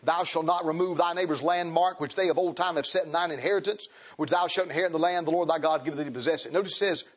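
A middle-aged man, preaching a sermon in church, dropping to quiet testimony and rising to loud, high exhortation. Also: steady tone, fast, few pauses. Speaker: pastor. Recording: dull lo-fi sound.

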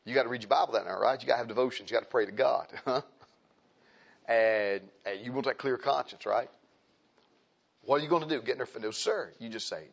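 Preacher, hushed then shouting. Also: male voice, lively intonation, a little fast, creaky, highs cut off. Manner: swings from hushed asides to loud, high-pitched exhortation. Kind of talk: sermon.

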